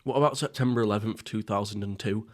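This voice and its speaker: Speaking fast in a fairly low voice, a young mukbang podcast host rambles from his seat at home, cursing along the way and often cracking himself up.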